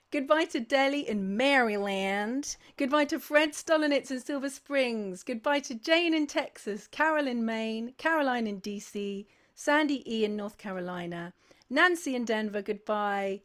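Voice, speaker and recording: A woman's voice: a little high, lively intonation, normal speed. A woman hosting a sing-along livestream, chatting casually, gushing with thanks and reading out viewers' names one after another.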